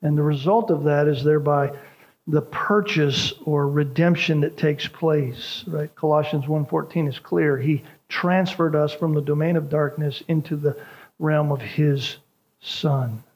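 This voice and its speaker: A man's voice: fairly high pitch, steady tone, a little slow, darkish tone, low-quality recording. A man preaching a sermon, explaining a word by repeating key phrases and asking "right?" to his listeners. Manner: emphatic teaching, repeats key phrases with tag questions. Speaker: pastor.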